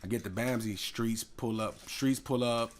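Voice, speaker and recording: A man, a rapper guest telling a story in an animated way, acting out other people's voices and loud sound effects. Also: mid-range voice, normal speed, a little hiss or hum.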